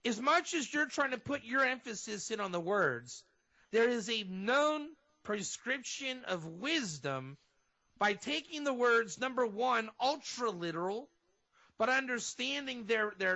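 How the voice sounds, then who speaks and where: High bright-voiced rabbi on radio. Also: male voice. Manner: animated explainer, acts out fervent prayer. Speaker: rabbi, guest. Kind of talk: radio interview, teaching. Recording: dull lo-fi radio audio.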